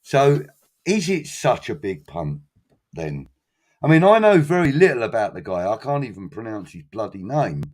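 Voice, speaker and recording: A man's voice: mid-range voice, big pitch swings, moderate pace, a little mellow. A man hosting a casual fan chat show, reading out viewer comments and talking things through with frequent ums. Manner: chatty, hesitant with many ums.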